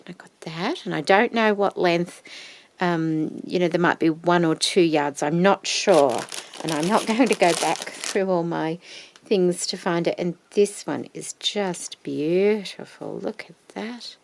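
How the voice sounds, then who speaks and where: A woman with a low, gravelly voice takes her time over each word. She talks through her craft haul in a relaxed show-and-tell, fondly admiring every piece and often slipping into a hushed whisper. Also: unhurried. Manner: gushing and admiring, often sinking to a soft whisper. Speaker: craft vlogger.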